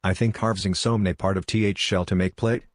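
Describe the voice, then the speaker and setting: A man's voice: low-pitched, fairly even intonation, moderate pace, dry recording, studio quality. A man playing a tabletop game, making brief offhand remarks. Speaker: player. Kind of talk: casual tabletop game chat.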